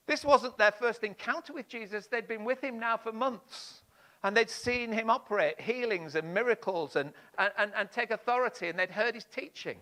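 A man preaching a sermon, expressive, swinging between loud emphasis and hushed lines. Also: high-pitched, normal speed.

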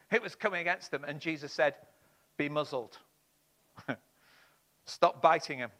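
Bright high-voiced male preacher. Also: a little slow. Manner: expressive, swings between loud and hushed emphasis. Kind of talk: sermon.

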